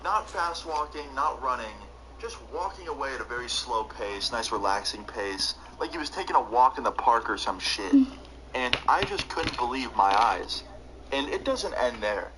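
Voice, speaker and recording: A man's voice: mid-range voice, background noise. A young man streaming live, telling a long story in a casual, rambling way full of "like". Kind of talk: storytelling while live gaming.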